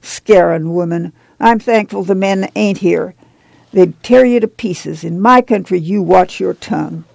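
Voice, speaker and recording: A woman's voice: lowish voice, unhurried, gravelly, darkish tone, no room sound, full character voice. A woman playing a tough, weary migrant mother. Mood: defiant. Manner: folksy rural drawl, plain and firm. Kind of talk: audiobook dialogue reading.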